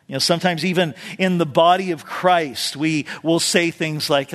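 Speaking at normal speed in a fairly high, steady voice, a male pastor delivers a sermon as a relaxed story. He drops in "you know" asides and acts out quotes loudly, and the large hall adds long reverb.

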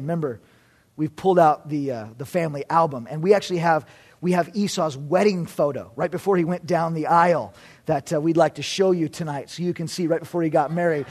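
A man preaching a sermon in an informal, storytelling manner. His voice sits high for a man. He often doubles back and repeats his words. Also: darkish tone.

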